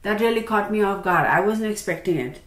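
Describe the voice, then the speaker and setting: A woman giving a casual tarot reading, chatty and expressive, talking straight to the viewer. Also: mid-range voice, fairly quick. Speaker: tarot reader. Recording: roomy with faint background noise.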